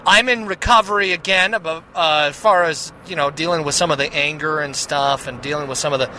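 A man's voice: on the high side, fairly quick, sharp tone, rough recording. Man, podcast host, rambling confessional monologue, audible road noise around him. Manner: rambling, many restarts and "right?" tags.

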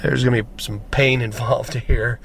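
A man's voice: medium pitch, little pitch movement, normal speed, creaky, fairly bright tone, slight background noise. A man playing an ordinary burdened man. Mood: hesitant. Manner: talkative, wavering. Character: ordinary burdened man, eager then hesitant.

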